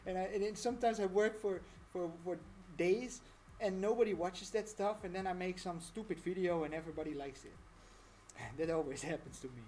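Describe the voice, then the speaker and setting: A woman's voice: on the low side, brisk, darkish tone, slight background noise. A woman talking through a casual live-stream tutorial, chatty and rambling, laughing often.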